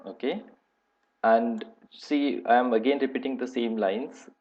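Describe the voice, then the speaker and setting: A man teaching a live online software testing class, talking in a halting way with many fillers and repeated points. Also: mid-range voice, steady tone, lo-fi sound.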